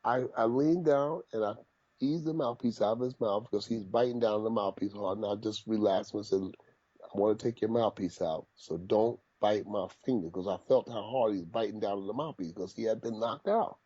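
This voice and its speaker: Husky-voiced man telling boxing stories. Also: lowish voice, a little fast, lo-fi sound. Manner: animated storyteller, repeats phrases. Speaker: boxing trainer guest. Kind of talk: casual storytelling interview.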